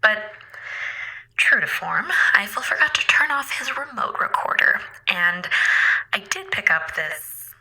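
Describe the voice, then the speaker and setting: A wry co-host, bright and slow. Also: female voice, medium pitch, very animated, slightly rough, full character voice, rough recording. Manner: wry, conversational. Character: chatty female co-host of station logs. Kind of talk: audio drama acting.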